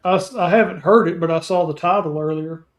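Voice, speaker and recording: A man's voice: fairly high pitch, a little fast. A man co-hosting a casual chat, making brief, agreeable remarks. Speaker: co-host.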